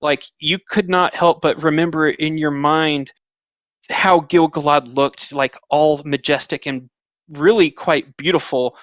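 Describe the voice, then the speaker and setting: A man with a fairly high voice runs a tabletop game, narrating scenes in long, filler-laden stretches. The recording is dry and close, with almost no room sound. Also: fairly even intonation, a little slow, a bit bright, no echo. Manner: descriptive, filler-heavy narration. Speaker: game master.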